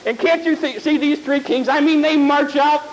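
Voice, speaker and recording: A man preaching a sermon, telling a Bible story in a folksy, animated way and repeating words. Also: very high voice, normal speed, poor audio.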